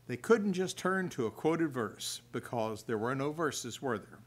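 A man's voice: mid-range voice, expressive, measured pace. Older man preaching a folksy sermon. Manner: folksy, chuckles, restarts while reading scripture. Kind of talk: sermon with scripture reading. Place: church hall at a religious festival.

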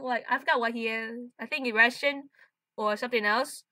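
A woman's voice: fairly high pitch, moderate pace, bright, forceful tone, no room sound, studio quality. A young woman doing casual, chatty commentary over a story game. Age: young adult. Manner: chatty, apologetic, giggly. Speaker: gameplay commentator.

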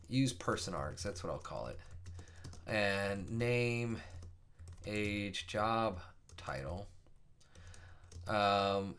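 A man's voice: lowish voice, fairly bright tone. A man teaching a casual coding screencast, thinking aloud with many fillers and self-corrections. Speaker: programming instructor.

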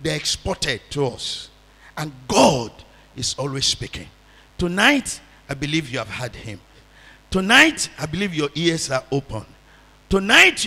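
A man with a very high, intensely gravelly voice preaches a fervent sermon as pastor, his delivery bright and sharp. He leads the congregation in repeated prayer lines, and long reverb trails his words through a big hall.

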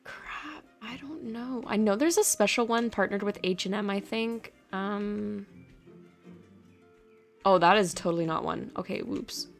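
A woman's voice: mid-range voice, measured pace, creaky. Woman, gaming channel host, chatty and gushing, easily thrilled, faint background music. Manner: gushing, excitable, talks to her game horses. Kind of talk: casual game commentary.

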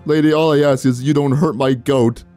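A man hosting a casual gameplay video, reacting in a playful, jokey way with quick exclamations. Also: mid-range voice, fairly even intonation, dark tone, faint music behind. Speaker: gaming channel host.

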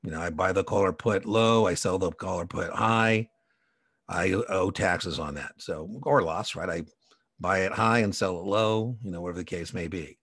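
A man's voice: sits low, normal speed, fairly bright tone, husky, dry recording, studio quality. A man teaching an exam prep lecture in a chatty, digressive way, full of personal anecdotes and asides. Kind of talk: conversational recorded lecture.

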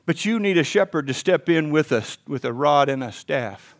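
A man pastor preaching a sermon, swinging between hushed intensity and fired-up exclaiming, calling on the congregation to repeat lines after him. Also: fairly high pitch, animated, moderate pace, hardly any pauses.

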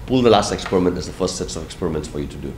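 A man's voice: low voice, expressive, racing, a little mellow. A man, a business school instructor, explaining steps of a process in a recorded lecture and stressing key words. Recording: echoey room, faint noise.

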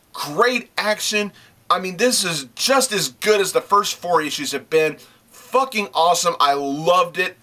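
A man with a fairly high, bright, forceful voice reviews comic books for his channel. He gushes and swears freely, often repeating his praise for emphasis. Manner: gushing praise, repeats himself. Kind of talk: casual video review.

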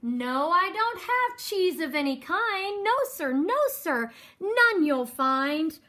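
A woman's voice: high-pitched, very animated, slow pace, pushed and bright, exaggerated voice. A woman voicing a stingy female black sheep in a picture book, answering in prim, singsong refusals. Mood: prim refusing.

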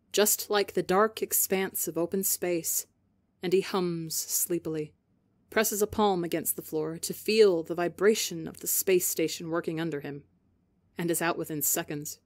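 Woman narrating a sci-fi story, fairly low voice, calm and measured, dry close mic. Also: no echo. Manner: calm, measured, softly dropping asides. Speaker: podcast reader. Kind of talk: audiobook reading of fan fiction.

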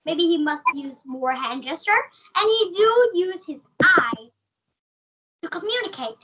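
A woman's voice: extremely high pitch, lively intonation, measured pace, noisy background. A woman with a Vietnamese accent teaching an online class over a video call, asking questions and calling on students by name. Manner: calls on students by name, asks many questions. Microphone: computer mic on a video call. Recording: dull lo-fi video call audio.

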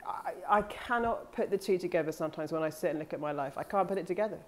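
A woman's voice: lowish voice, fast. Candid woman coach, earnest and swearing. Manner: acts out her own past thoughts in quoted asides. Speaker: life coach. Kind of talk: casual motivational monologue.

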